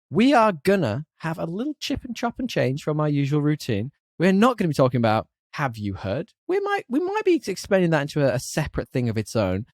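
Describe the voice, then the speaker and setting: A man co-hosting a casual podcast, his voice rising and falling in a lively, animated way. He laughs often and keeps the banter upbeat. The sound is dry and close, with no room around him. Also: a little high, no room sound. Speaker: podcast co-host.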